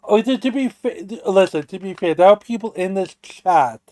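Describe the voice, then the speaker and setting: A man's voice: high-pitched, expressive, normal speed, a little mellow, no echo. A man co-hosting a livestream in casual chat, rambling with restarts and swearing while he builds his point. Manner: rambling, restarts and profane rants. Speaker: stream co-host.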